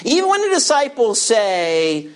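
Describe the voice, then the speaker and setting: A man preaching a sermon as pastor, animated, reading scripture and acting out quoted voices of his listeners. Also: very high voice, a little slow.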